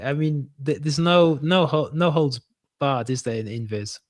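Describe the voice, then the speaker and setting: A man from northern England co-hosting a casual chat over a video call, halting often and laughing a lot. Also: a little high, lively intonation, dry recording, clean studio sound. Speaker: podcast co-host.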